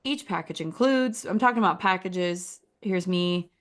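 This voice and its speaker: A woman's voice: lowish voice, normal speed. Woman doing a casual website critique, chatty and encouraging, says like a lot. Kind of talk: casual screen-share critique.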